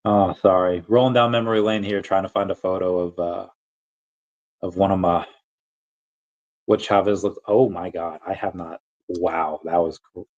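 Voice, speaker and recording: A man's voice: low-pitched, steady tone, moderate pace, darkish tone, muffled recording. A man casually chatting on a livestream, answering chat questions in a rambling, self-interrupting way with frequent chuckles.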